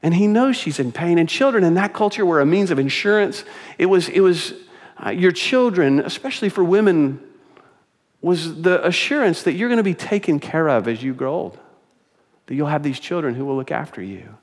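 A man preaching from the pulpit with a fairly high voice. He punches his main points and then sinks into quiet, hushed asides, often repeating a phrase as he goes. The sound has the long reverb of a church sanctuary. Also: very animated, normal speed. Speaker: pastor. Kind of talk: sermon.

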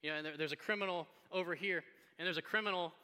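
Bright-voiced, conversational preacher. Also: male voice, a little high, fast, smooth. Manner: conversational, animated storytelling. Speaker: pastor. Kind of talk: sermon. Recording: long hall reverb.

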